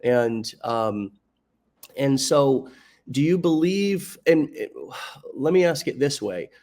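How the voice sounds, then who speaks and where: A man's voice: mid-range voice, animated, slow pace, darkish tone. A man hosting a podcast interview, who restarts and rephrases his questions as he goes. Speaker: podcast host.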